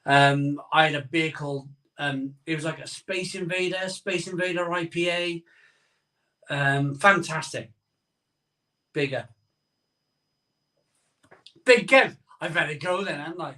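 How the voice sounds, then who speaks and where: A man's voice: fairly high pitch, unhurried, long pauses, pushed and bright, far from the mic. A man hosting a casual live stream from home, rambling and reading out viewer comments.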